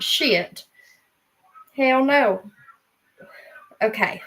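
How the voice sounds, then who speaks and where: Unhurried, chatty mother. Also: medium pitch, steady tone, rough recording. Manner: chatty and unhurried, with frequent laughs and fillers. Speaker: live-stream host and mother. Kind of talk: casual live-stream chat.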